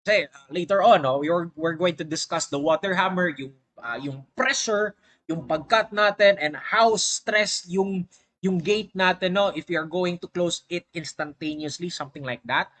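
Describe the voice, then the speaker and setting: Filipino guy teaching engineering, bright voice, dry close sound, keeps repeating the key terms. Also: high voice, normal speed, no room sound. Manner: code-switching, explanatory, repeats key terms. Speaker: engineering lecturer. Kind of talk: online lecture.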